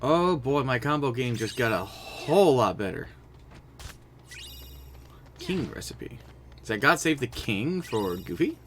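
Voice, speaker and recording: A young man streams a video game live and talks over the play in casual, excitable commentary. His voice is bright and sharp, and his pitch swings widely. He swears freely, with faint noise behind him. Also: measured pace, long pauses.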